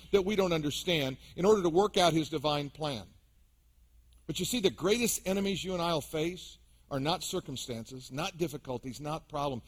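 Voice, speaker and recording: A man's voice: high voice, a bit bright. A man preaching a sermon as pastor to his congregation, with emphatic rises and drops. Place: church sanctuary.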